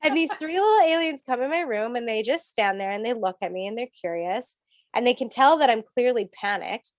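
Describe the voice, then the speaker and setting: A woman with a fairly high voice tells a story in a casual interview, animated and acting out what people said. Her voice sounds close and dry, with little room sound. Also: fairly quick, dry recording. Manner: animated, acts out quotes, swears, laughs. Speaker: guest, spiritual coach.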